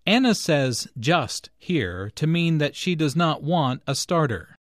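A man explains pronunciation points in a scripted English lesson. His speech is clear and deliberate, with a lively, rising-and-falling melody. The recording is dry with no room sound. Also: a little high, dry recording. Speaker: English teacher and narrator. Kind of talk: scripted language lesson narration.

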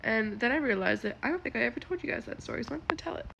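A woman's voice: fairly high pitch, animated, creaky, fairly bright tone, husky. A woman telling a casual, chatty story with frequent swearing and laughter. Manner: chatty and profane, quick to laugh.

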